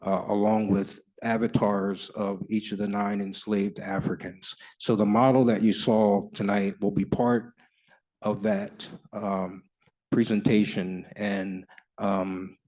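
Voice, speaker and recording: A man with a low, warm, mellow voice speaks on a panel as the project's architect. He talks in a measured way, pausing with ums as he goes. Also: poor audio. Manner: measured, with filler pauses. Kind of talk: panel talk.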